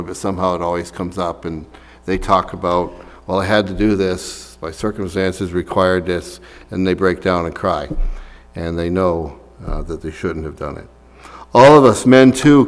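A man's voice: fairly low pitch, big-room sound. A man preaching a sermon as a pastor, talking casually with fillers and reading scripture aloud.

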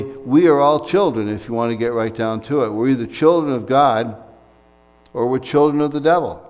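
A man's voice: mid-range voice, darkish tone, big-room sound. An American man preaching a sermon in a conversational way, with fillers and asides, recorded in a church sanctuary. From United States. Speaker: pastor.

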